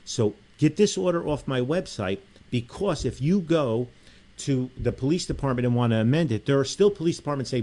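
A man's voice: mid-range voice, lively intonation, brisk, warm tone. A man hosting a radio talk show, making emphatic pleas and reading listener emails aloud.

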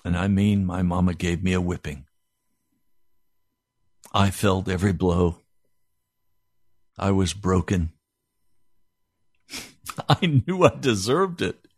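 A pastor telling a personal story in an animated sermon. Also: male voice, low-pitched, takes it slowly, long pauses, no echo.

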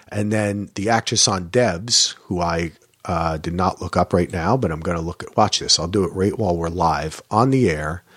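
A man with a low, husky voice hosts a casual solo podcast from his home. He rambles in a chatty, joking way. The sound is dry and close, with little room echo. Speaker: podcast host.

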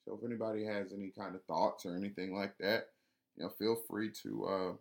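Low-voiced man musing casually. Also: steady tone, brisk, gravelly. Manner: rambling, with frequent restarts and fillers. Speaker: dog owner talking about training. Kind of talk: casual spoken monologue.

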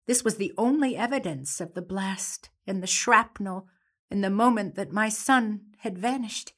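An actress performing a dramatic monologue as a grieving mother of a badly wounded soldier son, speaking in a halting voice heavy with emotion. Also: medium pitch, lightly acted. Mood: somber.

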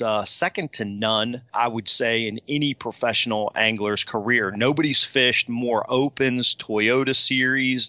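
Male host, folksy and easygoing, bright tone, dry recording. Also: medium pitch, no echo, muffled recording. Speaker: podcast host. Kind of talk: casual chat.

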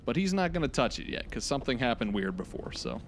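A man playing a tabletop game, narrating his character's actions in a deliberate, suspenseful way. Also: medium pitch, sing-song. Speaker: player.

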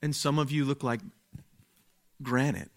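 A man preaching a sermon, speaking slowly and deliberately, dropping to a hush and then rising to exclaim. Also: mid-range voice, fairly even intonation. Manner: slow, deliberate, swings from hushed to exclaiming.

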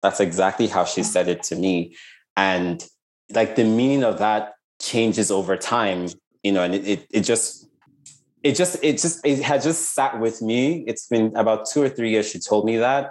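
A man from Nigeria, an artist talking reflectively in an interview, often restarting his sentences. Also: fairly low pitch. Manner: reflective, with frequent restarts and "like" fillers. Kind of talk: casual interview conversation.

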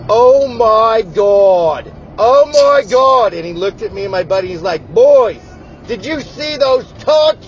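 A man leaving a call-in message while driving, telling a slow, relaxed anecdote from inside his car. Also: sits high, dull audio, a little hiss or hum. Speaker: caller. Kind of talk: recorded call-in message, storytelling. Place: in a car on the road.

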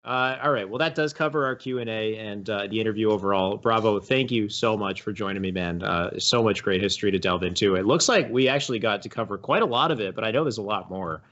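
A man hosting a casual stream interview in a relaxed, friendly way. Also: lowish voice, fast talker, hardly any pauses, lo-fi sound. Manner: relaxed, friendly, laughing easily. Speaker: host.

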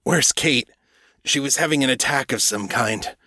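A man's voice: medium pitch, normal speed, pushed and bright, no echo, clean studio sound, voice pushed up. A man voicing a weary, blunt male hero with wry humor in an audiobook.

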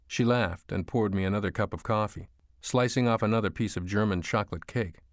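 Steady male audiobook narrator. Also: fairly low pitch, fairly quick, dry recording, studio quality. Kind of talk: first-person audiobook narration. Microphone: studio mic.

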